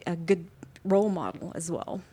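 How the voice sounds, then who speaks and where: A woman's voice: on the low side, lively intonation, moderate pace. Middle-aged mother chatting, joking and laughing. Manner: warm, joking, laughs easily. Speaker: host's mother, guest. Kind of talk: casual chat.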